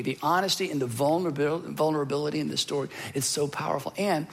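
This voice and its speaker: A man preaching a sermon in an earnest, emotional way, with dramatic pauses and repeated phrases. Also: fairly high pitch, fairly even intonation, vocal fry, slightly rough. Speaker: pastor.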